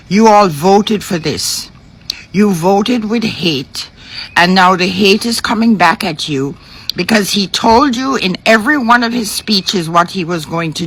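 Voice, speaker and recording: A woman lecturing scornfully in a social media rant, speaking deliberately. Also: medium pitch, fairly bright tone, breathy edge, rough recording.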